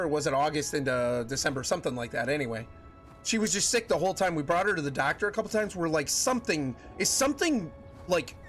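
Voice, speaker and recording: A man's voice: on the high side, a bit bright. A man in his thirties hosting a live game stream, chatting casually with his viewers in a rambling way, with plenty of repeats and fillers. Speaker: streamer host.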